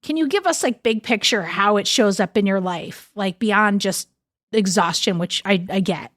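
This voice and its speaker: A woman's voice: mid-range voice, normal speed, dry recording, studio quality. A woman podcast host from upstate New York with that region's accent, direct, chatty and joking. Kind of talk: casual podcast chat.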